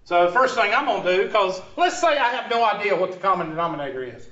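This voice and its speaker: High, bright Southern-accented male math teacher. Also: animated, quick pace. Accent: Southern US, South Carolina. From Upstate South Carolina, USA. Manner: folksy, teasing, joking asides. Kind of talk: informal math lesson with banter. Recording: echoey room, from a distance, dull lo-fi, faint noise.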